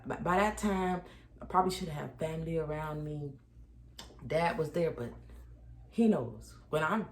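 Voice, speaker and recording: A woman's voice: low voice, measured pace, pauses often. A woman telling the story of her baby's birth in a casual, chatty way, acting out each exchange and talking straight to her viewers. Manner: animated, acts out each exchange. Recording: echoey room with faint background noise.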